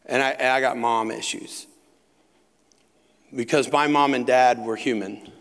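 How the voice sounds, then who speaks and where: A middle-aged man preaching a sermon, telling personal stories in an animated way and dropping into hushed tones at emotional moments. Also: medium pitch, measured pace. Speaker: pastor. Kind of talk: sermon with acted anecdotes. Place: large hall at a retreat center. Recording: long hall reverb.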